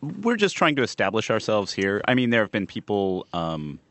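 A man's voice: lowish voice, huge pitch swings, moderate pace, a bit bright. A man appearing as a guest on a radio talk show, answering hesitantly with many fillers. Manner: hesitant, filler-heavy, agreeable. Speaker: guest, founder of a local society. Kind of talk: casual radio interview chat.

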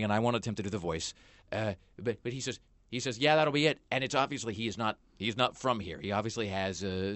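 A man's voice: fairly low pitch, fairly bright tone, no echo. A man hosting a talk show, telling a rambling story with many fillers and restarts in a small studio. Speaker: podcast host. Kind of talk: casual chat.

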